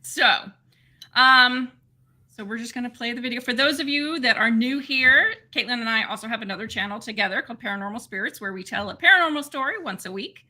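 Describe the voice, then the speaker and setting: A woman's voice: a little high, fairly quick, pushed and bright. A woman co-hosting a casual livestream, bubbly and laughing, greeting viewers by name. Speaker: livestream co-host.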